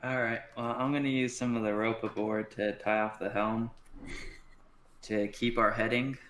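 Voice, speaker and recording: A man's voice: on the low side, little pitch movement, normal speed, a bit bright. A man playing a tabletop game, speaking in a dry, matter-of-fact joking way. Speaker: player. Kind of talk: casual tabletop game chat. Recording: echoey room with faint noise.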